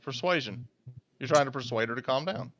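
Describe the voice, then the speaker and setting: A man's voice: medium pitch, fairly quick, background noise. A man running a tabletop game as game master, talking casually with many fillers and repeated words. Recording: dull lo-fi audio, dry.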